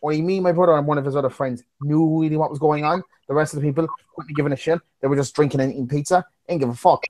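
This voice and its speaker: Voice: medium pitch, steady tone, fast talker, few pauses, darkish tone. A podcast co-host in casual chat, blunt and swearing as he tells a story.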